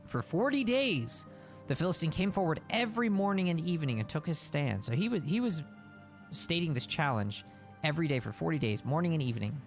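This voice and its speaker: A man's voice: a little high, sing-song, fairly quick, soft background music. A man reading a Bible passage aloud on a stream and stopping to explain it in casual words.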